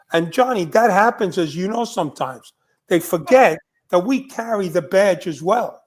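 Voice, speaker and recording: A man's voice: high-pitched, lively intonation, normal speed. An older man, a retired undercover agent, telling stories in a blunt, emphatic podcast conversation.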